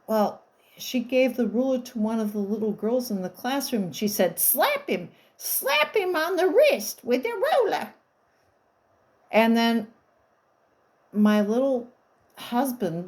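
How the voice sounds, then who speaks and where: A woman's voice: mid-range voice, dark tone, low-quality recording. A woman in her fifties telling stories in a casual monologue, rambling, wry and blunt, with the odd swear.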